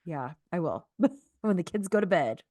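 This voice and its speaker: A young woman co-hosting a podcast, chatting in a relaxed way with frequent "like". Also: lowish voice, measured pace, dry recording. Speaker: podcast co-host. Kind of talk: casual chat.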